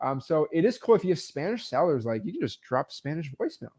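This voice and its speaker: A man teaching real estate wholesaling in a casual, energetic way, full of fillers like "like" and "um". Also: fairly high pitch, quick pace, slightly rough.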